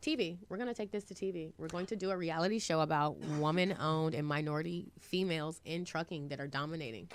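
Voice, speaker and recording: A woman who runs a trucking business talks as a guest in a casual interview, animated and imitating the voices of people she quotes. Her voice is low, and she speaks fast with few pauses.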